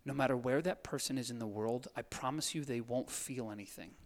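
A man preaching a sermon, moving between quiet hushed lines and fired-up urging, with a playful streak. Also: mid-range voice, a little fast. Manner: playful, laughs at his own jokes. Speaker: pastor. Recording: long hall reverb.

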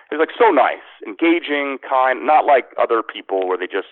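A man's voice: medium pitch, animated, moderate pace, few pauses, no room sound. A man spins a long, rambling story about his career, full of restarts and fillers. His voice reaches us over a narrow, tinny phone-like line. The sound is dry, with no room around it. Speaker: sports radio host, former actor. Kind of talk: casual storytelling interview.

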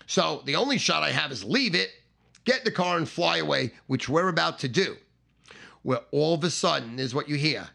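A middle-aged man telling a profane comic story, animated and swearing, acting out the shouting voices in it. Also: a little high, moderate pace, gravelly. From Staten Island, New York.

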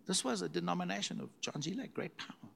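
Man, preacher, sermon, lively storytelling, repeats phrases, slightly high voice. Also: fast talker, vocal fry, husky. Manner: animated, repeats words for emphasis.

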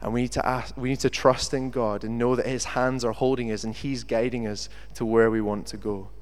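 Man, preacher, animated storytelling sermon, mid-pitched voice, long hall reverb. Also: a little fast. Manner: animated storyteller who acts out quotes.

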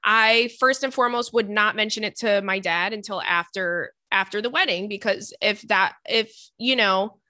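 A woman's voice: mid-range voice, normal speed, few pauses, bright, forceful tone, dry recording, studio quality. A young woman hosting a casual show, reading listener letters aloud and giving chatty, profane advice. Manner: chatty, swears casually, shrieks and laughs. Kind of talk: casual chat.

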